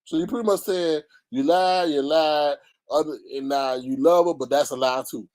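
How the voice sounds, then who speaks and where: A man hosting a casual gossip commentary, animated and mocking, often jumping into high squeals. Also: moderate pace, dry recording. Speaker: YouTube commentary host.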